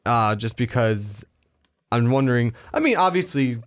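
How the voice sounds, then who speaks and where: A man's voice: medium pitch, expressive, normal speed. Hesitant young man in podcast chat. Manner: hesitant, trails off and restarts. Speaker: podcast co-host. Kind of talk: casual movie chat.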